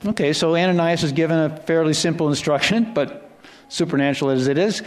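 A man's voice: on the high side, brisk. A middle-aged man preaching a sermon in a conversational way, often restarting phrases and adding asides.

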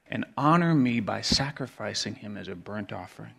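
A man's voice: lively intonation, moderate pace, creaky, few pauses, slightly rough. Earnest man preaching a sermon. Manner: earnest, repeats words for emphasis, drops to quiet low tones.

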